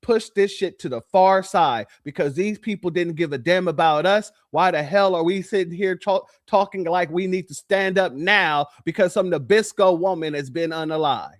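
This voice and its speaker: A man hosting a commentary show, reacting to played clips in an animated, preachy and mocking way. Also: high voice, normal speed, hardly any pauses.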